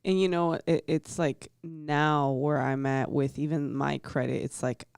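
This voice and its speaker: A woman hosting a radio talk show, chatty and animated, acting out her own reactions as she tells stories. Her voice is smooth and clear, recorded close and dry with no room sound. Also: low-pitched, measured pace, dry recording. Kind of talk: casual radio interview.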